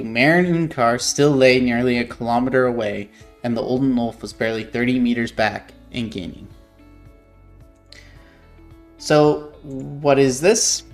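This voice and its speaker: A man with a mid-range voice, an author, reads passages from his own novel aloud and explains the edits he made. He's thoughtful and hesitant, often correcting himself.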